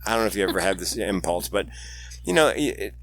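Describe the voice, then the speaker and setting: A man's voice: low-pitched, fast, no room sound. A man in his sixties, a suicide prevention speaker, telling stories animatedly in an interview and putting on voices for the people in them. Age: 60s. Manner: animated joking storyteller, acts out voices in anecdotes. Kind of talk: storytelling interview chat.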